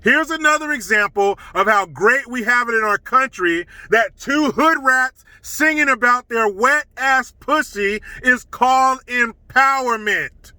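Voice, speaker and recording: A man's voice: very high-pitched, unhurried, few pauses, pushed and bright, no echo, poor audio. A middle-aged man giving a blunt, scornful opinion monologue as a commentary vlogger.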